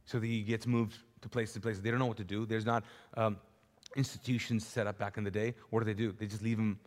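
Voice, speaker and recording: A male pastor preaching a sermon live in a large church, with animated, repetitive storytelling. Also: on the low side, moderate pace, pauses often. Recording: live church hall with long reverb.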